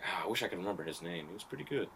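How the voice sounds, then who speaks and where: A man with a very low voice chats casually on a podcast. He rambles through long anecdotes and laughs often. Faint room ambience sits under his voice. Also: lively intonation, rapid-fire, creaky, a bit bright, slight background noise. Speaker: podcast host. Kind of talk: casual chat.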